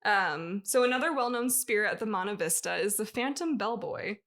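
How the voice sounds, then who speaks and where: A woman's voice: mid-range voice, expressive, moderate pace, fairly bright tone. A woman co-hosting a podcast, reading a ghost story in a loose, chatty way and often breaking into laughter. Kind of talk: casual podcast chat, reading a written story.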